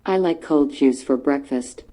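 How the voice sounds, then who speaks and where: A woman with an American accent, reading short example sentences in a quick, flat, clipped way. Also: rumbling low. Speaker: recorded dialogue voice in a lesson.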